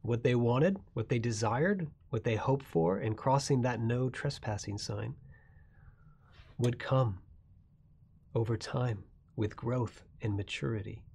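A man's voice: slow, gravelly, breathy edge. Man preaching with rising emphasis. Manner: swings from soft, low asides to loud, rising emphasis. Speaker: pastor. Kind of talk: sermon.

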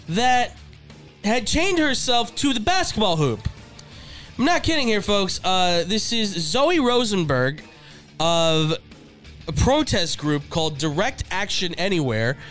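A man co-hosting a casual sports podcast, rambling and animated, laughing often. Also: sits high, slow pace, long pauses, faint music behind. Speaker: podcast co-host.

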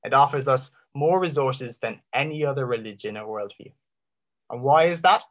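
A man giving an impassioned Christian apologetics talk, full of rhetorical questions and dramatic pauses. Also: mid-range voice, a bit bright. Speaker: Christian speaker.

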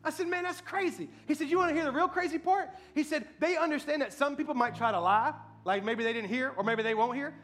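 His voice very high and his pace quick with few pauses, a male pastor shares a story in a sermon. It swells into loud, emphatic preaching, and he asks the congregation to say amen.

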